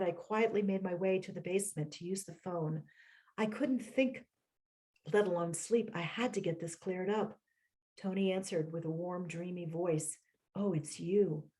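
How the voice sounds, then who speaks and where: A woman reads passages from her own memoir in a slow, reflective way, stopping now and then for short asides. Her voice is mellow and warm rather than bright, with pitch in the middle range. It sounds like a home computer mic on a video call. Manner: measured, reflective reading with personal asides. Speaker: author.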